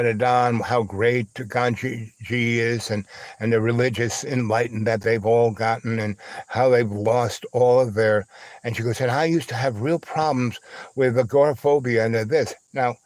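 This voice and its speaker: Man, livestream host, rambling story, lots of fillers, dry close sound. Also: no echo. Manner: acts out other voices with big high squeals. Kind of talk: rambling anecdote.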